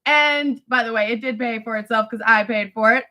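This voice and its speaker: A woman talking to friends in a rambling, animated monologue, laughing often and swearing casually. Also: on the high side, a little fast. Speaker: vlogger addressing family friends.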